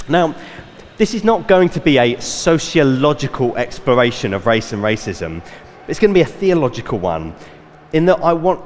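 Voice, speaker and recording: A man's voice: mid-range voice, big-room sound. A man preaching a sermon as a church elder, speaking earnestly with hesitant fillers and restarts.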